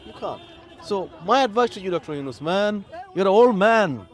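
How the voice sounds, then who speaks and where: A man's voice: sits high, lively intonation, normal speed, some chatter behind. A man from Bangladesh, a political commentator, speaking outdoors in a heated, emphatic monologue full of rhetorical questions. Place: outdoors in a city.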